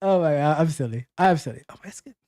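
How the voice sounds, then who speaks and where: Male host, casual live call-in chat, playful and repetitive, lively delivery, dry mic. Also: a little high, fast, no echo. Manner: joking, repeats phrases.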